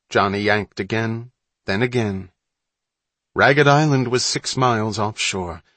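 Low-voiced man reading a story. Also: a bit bright, husky, no room sound. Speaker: audiobook narrator. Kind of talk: scripted narration.

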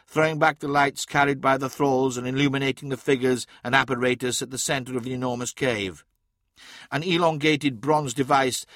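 A man reading an audiobook in a measured scripted narration, shifting his voice for characters. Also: mid-range voice, fairly bright tone, no echo, clean studio sound.

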